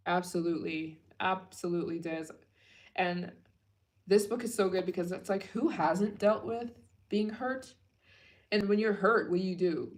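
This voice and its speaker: A woman hosting a casual livestream Q&A, gushing and chatty, with lots of filler words. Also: lowish voice. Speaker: travel channel host.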